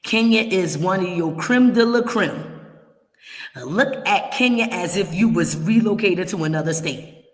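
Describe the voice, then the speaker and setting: A woman's voice: lowish voice, animated, measured pace. A woman hosting a livestream of relocation advice, warning viewers in an emphatic, straight-talking way and repeating her points. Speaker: relocation services host. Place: her home in Kenya. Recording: roomy echo.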